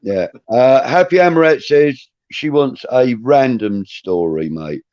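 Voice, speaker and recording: A man's voice: medium pitch, measured pace, dry recording. A man co-hosting a casual live stream, reading out chat comments and egging his co-host on. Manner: lively, reads out chat comments, eggs the storyteller on. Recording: dry, dull lo-fi live stream audio.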